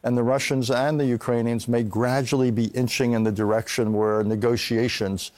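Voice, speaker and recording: An older man, a foreign policy expert, answering news interview questions in a calm, measured, hedging way. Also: mid-range voice.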